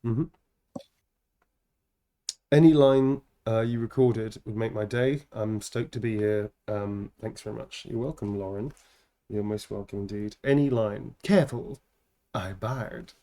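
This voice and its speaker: A man's voice: on the low side, measured pace, mellow. Rambling, joking man co-hosting a stream. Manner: rambling, joking, swears casually. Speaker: streamer co-host. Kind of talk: casual live-stream chat.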